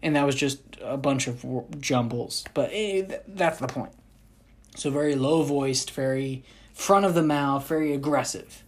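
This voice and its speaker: Woman, low-pitched voice, casual storytelling, animated, jokey asides. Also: a little slow.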